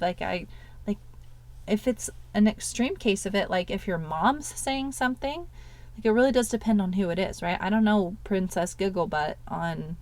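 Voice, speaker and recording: Woman podcast coach rambling casually, says like a lot, talks you through calming down. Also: mid-range voice, moderate pace. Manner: casual, says "like" often, self-soothing affirmations. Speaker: podcast host and life coach. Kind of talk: solo podcast coaching talk.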